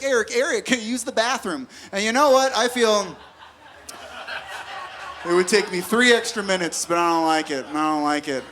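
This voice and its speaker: Young man, stand-up comedy set, high voice, bright tone, chuckles at his own jokes, live room. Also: slight background noise. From United States. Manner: conversational, jokey, laughs at own jokes. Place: live comedy venue with audience.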